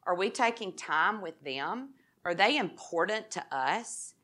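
A woman's voice: mid-range voice, lively intonation, measured pace, fairly bright tone. A woman giving an expository sermon, reading scripture aloud in an earnest tone and putting rhetorical questions to her listeners. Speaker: Bible teacher.

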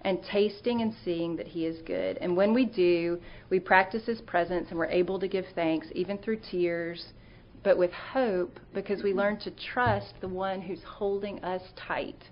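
A woman's voice: on the low side, measured pace, muffled recording, slight background noise. Earnest woman giving a conversational talk. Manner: earnest, storytelling, with fillers and restarts.

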